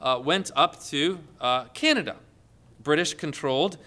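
A man's voice: on the high side, animated, unhurried, sharp tone. A man preaching a sermon, telling stories and rising into emphatic questions.

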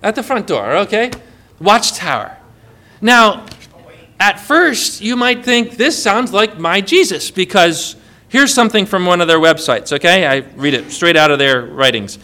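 Male pastor, animated sermon delivery, high and bright. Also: unhurried. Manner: animated preaching, asks the congregation questions.

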